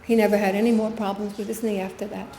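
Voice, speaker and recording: A woman's voice: medium pitch, flat delivery, fast, mellow, a little hiss or hum. Older woman telling a story, echoey room. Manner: earnest, storytelling with quoted dialogue. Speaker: guest speaker. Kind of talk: personal testimony talk. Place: spiritual center meeting room. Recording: echoey room with faint ambience.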